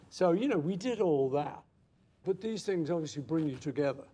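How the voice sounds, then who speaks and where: A man's voice: fairly high pitch, a little fast, a little hiss or hum. A man in his seventies, an interview guest reminiscing in conversation, telling anecdotes and acting out old quotes. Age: 70s. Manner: anecdotal, acts out quotes with lively asides.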